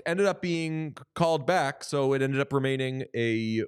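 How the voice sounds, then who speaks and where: A man co-hosting a sports podcast in casual chat, joking and animated, often slipping into quoted voices. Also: medium pitch, unhurried, hardly any pauses, clear, resonant tone. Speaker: podcast co-host.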